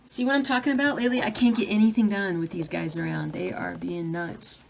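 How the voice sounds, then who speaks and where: A woman's voice: mid-range voice, fairly even intonation, brisk, gravelly, background noise. A woman chatting casually on a live stream at home, reading viewer comments aloud and breaking off to deal with her dogs. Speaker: cross-stitch vlogger.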